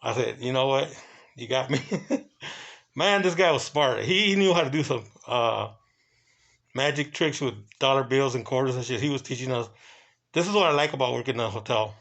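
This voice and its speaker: A man who works hotel security, telling a casual story in loose, halting runs and bursting into profane exclamations. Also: medium pitch, creaky. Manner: excitable and profane, breaks into quoted exclamations; talks in loose, halting runs with many fillers.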